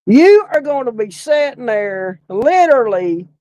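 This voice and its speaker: Woman, middle-aged, slow drawling storyteller, laughs constantly, casual cussing. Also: fairly high pitch, sing-song, warm tone, rough recording. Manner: laughs often while telling a story, swears casually. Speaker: podcast co-host, former funeral director.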